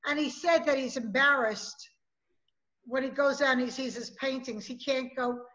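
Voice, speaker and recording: A woman's voice: sits high, steady tone, normal speed, fairly bright tone, muffled recording. A woman co-hosting a podcast in casual chat, talking in a scattered, forgetful way. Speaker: podcast co-host.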